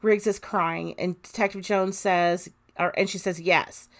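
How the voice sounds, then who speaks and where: A woman's voice: on the low side, steady tone, unhurried. Woman reading a true crime transcript. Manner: reads quoted interrogation lines plainly, adds commentary. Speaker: podcast host.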